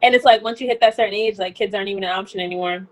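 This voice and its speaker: A young woman co-hosting a casual reality-TV recap chat, talking fast and loose with lots of "like" and laughs. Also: medium pitch, a little hiss or hum. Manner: chatty, animated, laughs often, lots of "like". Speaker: podcast co-host.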